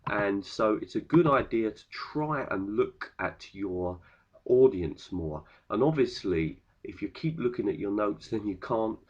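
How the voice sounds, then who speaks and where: Husky man in a dull screen recording. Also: on the low side, measured pace. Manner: explains pronunciation and word stress, relaxed. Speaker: teacher giving recorded video feedback. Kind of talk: recorded feedback video.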